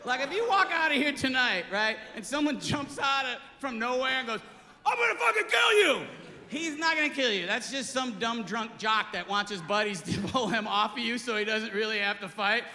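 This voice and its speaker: A man's voice: very high-pitched, a little fast, hardly any pauses, sharp tone. A man performing a stand-up comedy set on a stage before a live audience, with erratic, yelping outbursts. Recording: live hall with audience noise.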